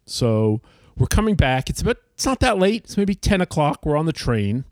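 Middle-aged New man, lively story-teller, fairly high, dry close sound. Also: normal speed, no room sound. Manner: animated, acts out people in his stories. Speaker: podcast guest. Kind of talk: casual storytelling chat.

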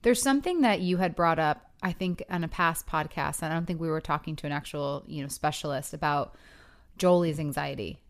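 Female podcast co-host, lowish voice, quick and chatty. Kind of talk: casual podcast chat.

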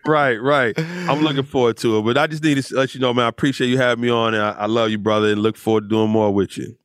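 A man's voice: medium pitch, fairly even intonation, fast talker, no room sound, studio quality. A man guesting on a podcast, talking casually and heaping praise on the host. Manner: effusive, warm praise, frequent restarts. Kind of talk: casual chat.

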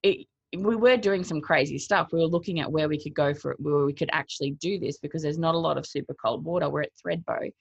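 A cold-water swimmer, speaking as an interview guest, tells her story fast in a low, gravelly voice. She's lively and conversational, acting out what people said to her and laughing between thoughts. The recording is dull, lo-fi and dry, with no echo.

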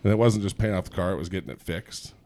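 A man's voice: low voice, quick pace, mellow. A man hosting a podcast, speaking reflectively in casual conversation. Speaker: podcast host. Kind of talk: casual interview chat.

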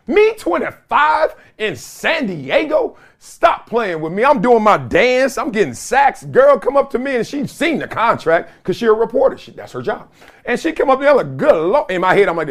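Middle-aged guy hosting his own show, acts out everybody in the story, highish voice. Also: normal speed. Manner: animated storytelling with laughs and mimicked voices. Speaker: host. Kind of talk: comedic solo talk show monologue.

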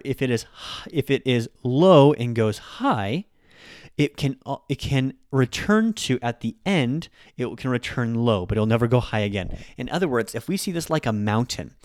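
A man, a native English speaker, hosting a casual podcast lesson, chatty and repeating words slowly to show them. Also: medium pitch, no room sound, studio quality. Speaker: podcast host teaching Japanese.

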